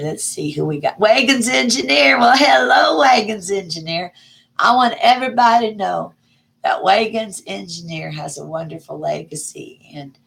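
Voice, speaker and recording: A middle-aged woman, chatting casually on a livestream and greeting viewers by name with folksy warmth. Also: fairly low pitch, gravelly. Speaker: livestream host. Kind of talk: casual live chat reading viewer comments.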